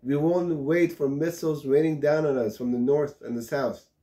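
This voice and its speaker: A man giving a sermon as a rabbi, telling parables and building to shouted passages. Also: fairly high pitch, fairly even intonation, moderate pace. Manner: tells parables with acted-out dialogue.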